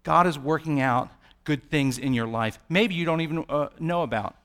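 A man preaching a sermon, rising to loud peaks and dropping to quiet, hushed lines, sometimes acting out the voices he quotes. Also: fairly high pitch, normal speed. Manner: dramatic swings from soft to loud.

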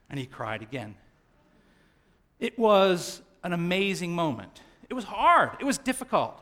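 A middle-aged man preaching a sermon as pastor, animated and swinging down to quiet tones for emphasis. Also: on the high side, brisk.

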